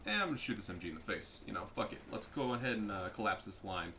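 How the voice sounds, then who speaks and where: A man giving casual, profane commentary over a strategy game, getting loud and excited at big plays. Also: on the low side, fast talker. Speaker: gaming commentator.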